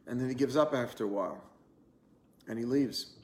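Rabbi, casual online teacher, mid-pitched, earnest storyteller; roomy webcam sound with faint hum. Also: male voice, a little fast, a little mellow. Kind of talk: online lunch-and-learn class.

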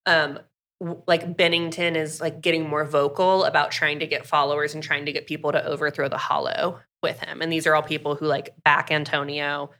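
Recapping a book on a podcast she co-hosts, a woman talks casually in a low-pitched, fairly bright voice, keeping a level tone and a fairly quick pace. She voices the characters' lines and leans heavily on "like."

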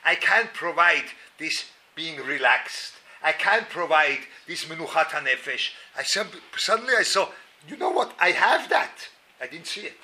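A middle-aged man from Switzerland, giving an animated, self-mocking storytelling lecture at a Torah class, repeating words and breaking into sudden loud outbursts. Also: a little high, normal speed, husky.

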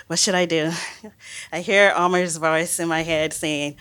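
A woman biologist telling a personal story on stage in a lively, laughing way. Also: low-pitched, a little slow, smooth. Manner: lively, laughing, animated retelling. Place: stage before a live audience.

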